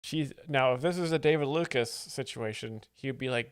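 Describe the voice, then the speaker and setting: A man in a mid-range voice commenting over a comedy clip, treating each bit with dry, mock-serious analysis. His delivery is deadpan throughout, and the recording is close and dry with no room sound. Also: medium pitch, a little fast, clear, resonant tone, no echo. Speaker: joke explainer host.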